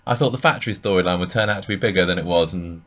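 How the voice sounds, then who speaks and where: Deep-voiced man musing on a podcast. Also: rapid-fire, lo-fi sound. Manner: relaxed, musing, with frequent ums and laughs. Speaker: podcast co-host. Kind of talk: casual chat.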